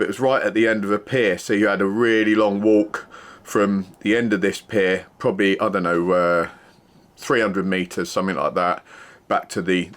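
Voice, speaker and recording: Middle-aged man, very deep voice, casual rambling storyteller, matter-of-fact. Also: a bit bright. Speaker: former security worker.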